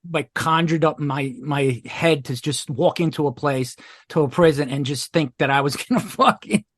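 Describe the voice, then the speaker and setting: A man's voice: a little high, moderate pace, fairly bright tone. A middle-aged man, a podcast guest, telling a story in a rambling, profane way with many restarts. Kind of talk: casual storytelling.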